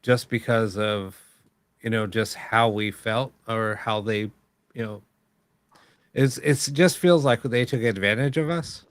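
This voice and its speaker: A man's voice: fairly low pitch, a little slow, no echo. A man hosting a live paranormal show, telling a long story in casual chat, rambling with many fillers and acting out quoted lines.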